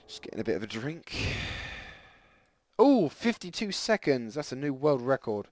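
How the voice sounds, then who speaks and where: A man giving rambling, self-deprecating live commentary over a tank game, with sudden excited outbursts. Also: medium pitch, moderate pace, dry recording. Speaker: gameplay commentator. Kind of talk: casual live gameplay commentary.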